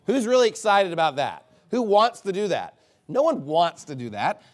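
A man's voice: high-pitched, very animated, moderate pace. A man preaching a sermon in a casual, conversational way, asking lots of rhetorical questions. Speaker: pastor.

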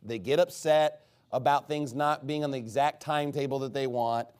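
A man pastor preaching a sermon, animated and sarcastic, firing off rhetorical questions to his congregation. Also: medium pitch, normal speed, smooth.

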